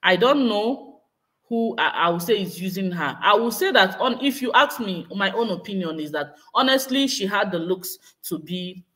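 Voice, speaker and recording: A woman's voice: medium pitch, expressive, moderate pace, fairly bright tone. A woman vlogger in casual live-stream commentary, speculating and hedging as she reads out and answers viewer comments. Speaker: vlogger hosting a live chat.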